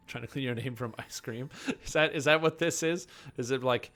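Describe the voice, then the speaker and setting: A young man chats loosely while streaming a game. He answers his viewers with rambling asides and self-mocking jokes. His voice sits at an everyday middle pitch. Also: moderate pace, pushed and bright. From Canada. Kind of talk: casual live-stream chat, answering chat.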